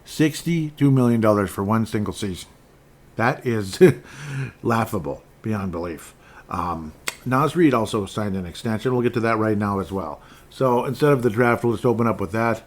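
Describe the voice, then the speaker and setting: A man's voice: fairly low pitch, normal speed. A man hosting a casual solo sports podcast, rambling and interrupting himself, with offhand rants and frequent chuckles. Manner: rambling, self-interrupting, digressive; chuckles often, offhand ranting. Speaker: podcast host.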